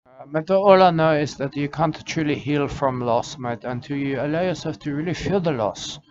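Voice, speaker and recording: A man's voice: a little high, normal speed, natural voice. A man playing a rambling, eccentric self-styled wildlife warrior in an absurd comic monologue. He stumbles through broken grammar, keeps saying "uh", and tacks on "mate" again and again. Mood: rambling melancholy. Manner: rambling, full of "uh", keeps saying "I can tell you" and "mate". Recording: dull lo-fi recording with clear background noise.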